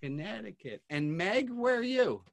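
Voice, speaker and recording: A man's voice: sits high, very animated, normal speed, gravelly. A man hosting an online class, calling on each guest by name in a friendly, casual way over a video call. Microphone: computer mic on a video call.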